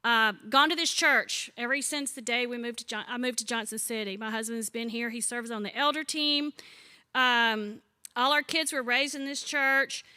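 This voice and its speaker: A woman in her sixties leads a Bible study, her voice bright and forward and set fairly high. She teaches in a chatty way, telling funny stories and putting questions to the group. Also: normal speed, clean tone. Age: 60s. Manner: chatty, warm-humored storyteller who asks the group questions. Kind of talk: conversational teaching with humorous stories.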